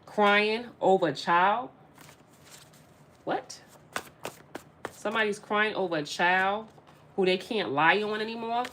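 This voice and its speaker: A woman's medium-pitched, fairly bright voice carries a casual spiritual tarot reading aimed right at her viewers, full of emphasis and repeated phrases. There's a little hiss or hum in the audio.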